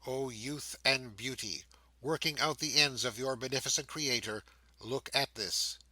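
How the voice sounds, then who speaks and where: A man's voice: medium pitch, measured pace, pushed and bright, no room sound, rough recording. A man reading an audiobook, voicing a fallen young woman who pleads with tremulous grief. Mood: anguished.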